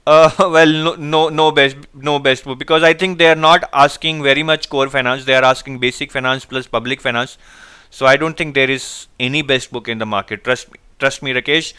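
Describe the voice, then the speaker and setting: A man's voice: mid-range voice, fairly even intonation, a little fast, bright, forceful tone, clear, resonant tone. A man teaching a live online exam-prep class, reading out viewers' answers and energetically urging them to respond.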